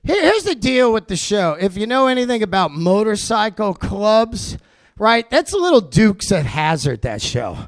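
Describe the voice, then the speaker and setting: High-voiced ranting comic man. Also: big pitch swings, normal speed. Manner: loud, ranting, profane. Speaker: stand-up comedian. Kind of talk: stand-up set.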